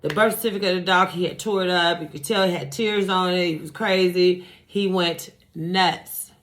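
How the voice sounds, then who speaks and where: A man's voice: sits high, fairly even intonation, moderate pace, a bit bright. A woman voicing a young man recounting events in a matter-of-fact way. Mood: somber. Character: young male boyfriend recounting calmly.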